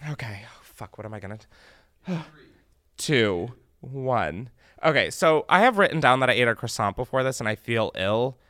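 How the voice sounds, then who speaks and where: A man's voice: medium pitch, fairly bright tone, no room sound. A young man hosting a podcast, chatting casually in a campy, profane way. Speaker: podcast host.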